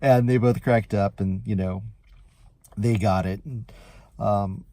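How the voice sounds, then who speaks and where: A man's voice: lowish voice, slow pace, slight background noise. Chatty man telling a rideshare story. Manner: chatty, animated retelling with lively quoted voices. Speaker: rideshare driver. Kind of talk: casual storytelling vlog.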